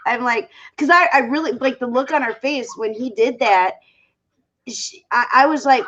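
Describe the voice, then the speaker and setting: A woman guest on an online panel telling a lively story about her husband. Her voice is a little higher than average. She keeps restarting and adding fillers, and the dull lo-fi audio sounds like a video call. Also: normal speed. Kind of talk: casual chat.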